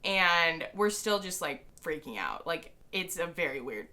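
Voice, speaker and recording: Young woman vlogging a storytime, bright voice, rambly and excited, lots of "like". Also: lowish voice, a little slow. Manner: excited rambling with many fillers. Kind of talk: casual storytime.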